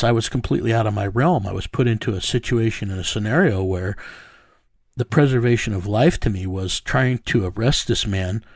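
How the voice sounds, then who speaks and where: A man's voice: on the low side, a little mellow, dry recording, clean studio sound. A man bluntly telling his own story in a casual interview, often repeating words as he restarts. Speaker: bounty hunter guest telling his story.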